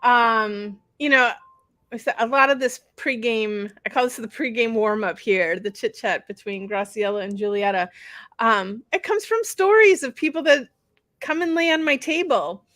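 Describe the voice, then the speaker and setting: Chatty high-voiced woman, dry sound. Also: moderate pace, fairly bright tone, no echo. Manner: chatty, rambling with fillers and restarts. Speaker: podcast co-host and bodywork practitioner. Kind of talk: casual chat.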